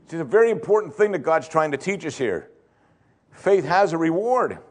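A man preaching a sermon, swinging between loud emphasis and hushed tones and repeating phrases for effect. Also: fairly high pitch, very animated, moderate pace. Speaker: pastor.

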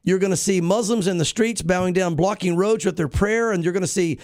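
A man's voice: high-pitched, a little fast, darkish tone, dry recording, studio quality. A pastor hosting a talk show, a man reading news and then commenting in an emphatic, preachy way with frequent restarts.

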